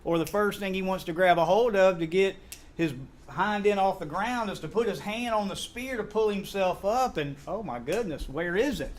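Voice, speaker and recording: Man, middle-aged, high-pitched, animated Bible class teacher who voices scripture scenes and quizzes his students. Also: normal speed. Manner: animated, acts out biblical dialogue and quizzes the class. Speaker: Sunday School teacher and church elder.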